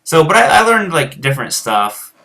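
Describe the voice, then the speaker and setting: Bright-voiced American man, rambling. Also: a little high, very animated, moderate pace, gravelly. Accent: rural American. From United States. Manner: rambling, many fillers and restarts. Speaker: guitar teacher and show host. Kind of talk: casual chat answering viewers.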